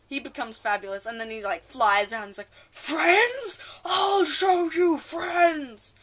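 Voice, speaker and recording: A woman ranting casually about a film, rambling excitably and often losing her train of thought. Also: fairly high pitch. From Australia. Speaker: vlogger.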